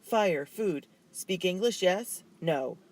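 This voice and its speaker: A man's voice: high-pitched, animated, slow, voice pushed up. A man reading aloud voices a secretive, defiant young boy who speaks in a mocking sing-song.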